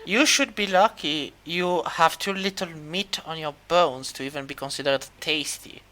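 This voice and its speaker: A man voicing a calm, enigmatic female sphinx in a tabletop game, speaking slowly and low. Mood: aloof.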